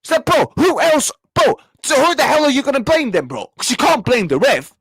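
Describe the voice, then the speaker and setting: A man's voice: extremely high pitch, sing-song, normal speed, fairly bright tone, no room sound, clean studio sound. Angry young man ranting. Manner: angry, repetitive, swearing, talks back to chat. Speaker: football reaction streamer. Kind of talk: live match reaction rant.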